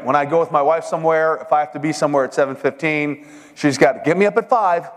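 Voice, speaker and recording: At a men's seminar, a middle-aged man gives a folksy, joking talk in the style of a sermon. His voice is a little high and quick, and the recording carries long hall reverb.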